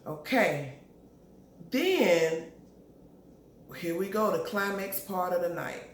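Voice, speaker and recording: A woman's voice: fairly low pitch, lively intonation, slow. A woman recaps a TV episode in casual slang and acts out the characters' lines as she goes. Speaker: TV show recap vlogger. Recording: echoey room, faint background noise.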